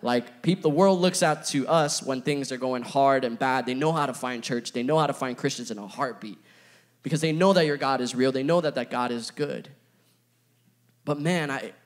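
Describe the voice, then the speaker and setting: A young man giving a casual, playful youth sermon, chatting with his audience and filling his talk with asides. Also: medium pitch. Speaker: youth pastor.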